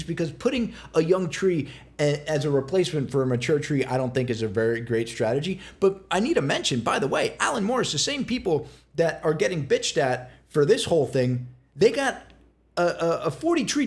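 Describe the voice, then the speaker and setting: Animated, blunt high-voiced man. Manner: animated storyteller, blunt and profane. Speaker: real estate agent co-host. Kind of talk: casual podcast chat.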